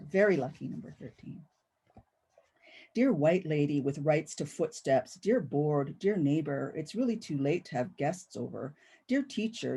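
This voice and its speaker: A woman's voice: sits low, dark tone, husky. A woman poet reading her own work aloud, with rhythmic, incantatory recitation. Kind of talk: poetry reading.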